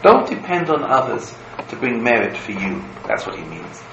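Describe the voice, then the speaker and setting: A man, a rabbi, giving a Torah lecture to students, telling stories in an animated way and weaving Hebrew quotes into his explanation. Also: medium pitch, moderate pace, creaky, muffled recording. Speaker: rabbi teaching a class. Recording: roomy room with background noise.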